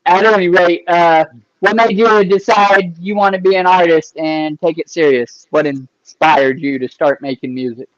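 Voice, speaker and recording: A man hosting a casual interview, talking loosely with easy profanity and shout-outs to viewers. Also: a little high, fairly even intonation, normal speed, no room sound, dull audio. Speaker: podcast interviewer.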